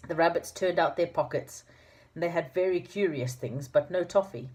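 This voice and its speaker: Woman, low-pitched voice, storybook read-aloud, relaxed and informal. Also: normal speed, breathy edge. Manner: informal, with fillers and restarts. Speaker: narrator.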